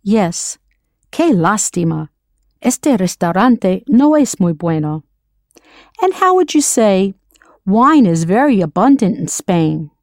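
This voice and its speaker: Woman, language teacher, scripted lesson, patient, spells out words, animated pitch, dry sound. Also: takes it slowly, no echo.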